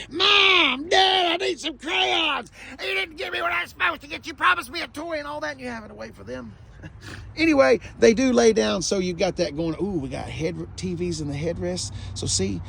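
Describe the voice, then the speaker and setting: Guy reviewing a car outside, high-ish gravelly voice, jokey and excitable. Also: a little hiss or hum. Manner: folksy, joking, excitable. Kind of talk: casual car review vlog.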